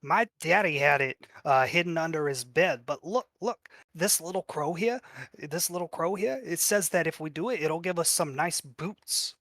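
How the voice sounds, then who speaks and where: A man voicing pushy goblin children who plead excitedly. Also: fairly high pitch, moderate pace, no room sound, pitched above the performer's own voice.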